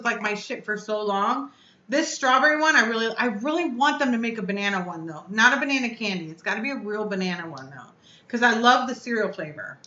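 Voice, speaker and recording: A woman's voice: fairly high pitch, sharp tone, echoey room. Woman chatting live with her viewers, effusive and talkative, slightly dull sound. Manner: chatty, effusive, answers viewers' comments aloud. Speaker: vape reviewer hosting a live chat. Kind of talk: casual live-stream chat with viewers.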